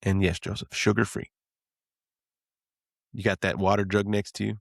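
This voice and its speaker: A man with a low, gravelly voice trades crude jokes and stories on a podcast. His delivery is casual and profane, recorded dry and close to the mic. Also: flat delivery, moderate pace, dry recording. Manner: joking, profane storytelling.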